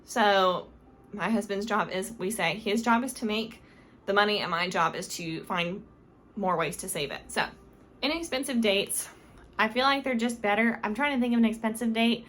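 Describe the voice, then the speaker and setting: A woman's voice: medium pitch, normal speed, fairly bright tone. A young woman vlogger giving casual advice to camera, chatty and rambling, with many fillers and self-corrections. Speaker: lifestyle vlogger.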